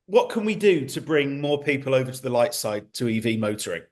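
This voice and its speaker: A man's voice: medium pitch, big pitch swings, a little fast. Man hosting a podcast chat. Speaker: podcast host. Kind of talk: casual interview chat. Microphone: video call.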